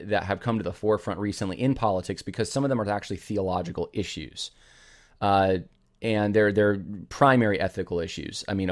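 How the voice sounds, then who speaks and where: A man hosting a commentary podcast, arguing his points with rhetorical retorts, talking in digressions and quick restarts. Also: fairly low pitch. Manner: rhetorical and emphatic, full of "how about" retorts; thinks aloud with many restarts and digressions. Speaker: podcast host. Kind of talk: opinionated commentary.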